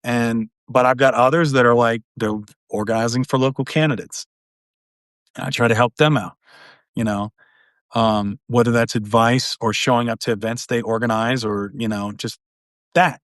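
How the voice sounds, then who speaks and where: A man's voice: medium pitch, steady tone, normal speed, fairly bright tone, no echo, clean studio sound. A middle-aged man talking earnestly on a live video call, rambling and often adding "you know". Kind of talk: casual conversation on a live stream.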